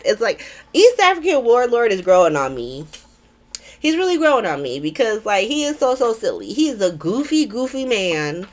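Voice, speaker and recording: A woman's voice: on the high side, very animated, normal speed. A woman hosting a casual recap vlog, talking in a chatty, irreverent way with frequent swearing and ums. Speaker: soap opera recap vlogger.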